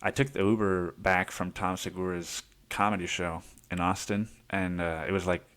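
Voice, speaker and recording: Low-voiced man rambling through a story. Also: fairly even intonation, moderate pace, fairly bright tone. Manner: rambling, laughs often, swears freely. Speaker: podcast host. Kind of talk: casual storytelling monologue.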